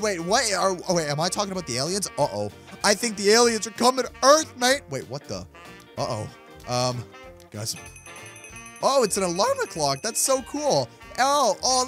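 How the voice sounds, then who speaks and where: A man hosting a gaming video, excitedly reacting to the game and reading its text aloud. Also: high voice, moderate pace, faint music behind. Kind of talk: excited gameplay commentary.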